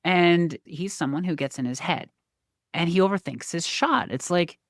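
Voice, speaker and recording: A woman's voice: lowish voice, normal speed, dry recording, clean studio sound. A woman guest and coach speaking in an enthusiastic, motivational way in a casual interview. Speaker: guest, success coach and pickleball coach.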